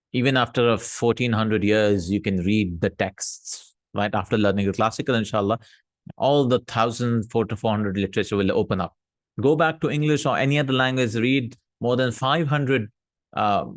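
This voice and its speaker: A man teaching a recorded Arabic grammar lesson, reading example sentences aloud, translating them, and checking in with quick "hmm?" and "no?" asides. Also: mid-range voice, dry recording. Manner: explanatory, checks in with frequent "hmm?" and "no?".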